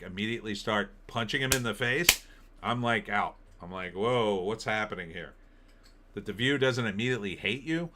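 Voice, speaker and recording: A man's voice: on the low side, pushed and bright. A middle-aged man hosting a casual live-stream, rambling and opinionated as he reacts to entertainment headlines and viewer comments. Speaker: political commentary host.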